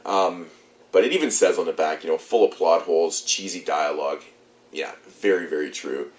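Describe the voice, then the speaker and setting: A man's voice: deep voice, moderate pace, roomy sound. A young man with a stuffed-up, congested voice, casually rambling through a movie review with loose, swearing chat.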